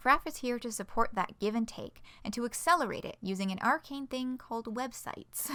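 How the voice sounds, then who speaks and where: A woman's voice: on the high side, expressive, moderate pace, bright, forceful tone, smooth. A woman streamer reading a fan project announcement aloud, breaking off for playful, dry asides.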